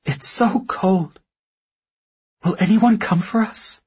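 A man puts on a frightened young woman lost at sea, her teeth chattering from the cold. The voice sits far above a low male register, a thin, airy whisper with hardly any tone behind it. This is whispered role-play from an audiobook, on a dull, muffled recording. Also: slow pace, breathy edge, exaggerated voice. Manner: thin, barely-there whisper.

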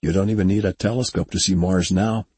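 A man with a deep, husky voice playing a calm male starship commander who speaks in a steady, matter-of-fact way. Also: fast, no echo.

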